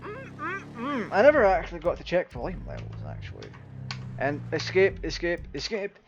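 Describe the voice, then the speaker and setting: A man giving casual, jokey commentary over his own gameplay, chatting to viewers and reacting excitably. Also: high-pitched, normal speed, vocal fry, lo-fi sound, slight background noise. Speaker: gaming YouTuber.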